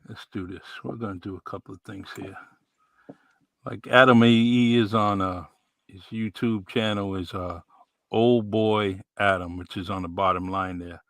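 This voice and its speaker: A man with a New England accent hosting a podcast in a relaxed, rambling way with many fillers. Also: fairly low pitch, normal speed, dry recording. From New Bedford, Massachusetts. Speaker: podcast host. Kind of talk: casual live-stream chat.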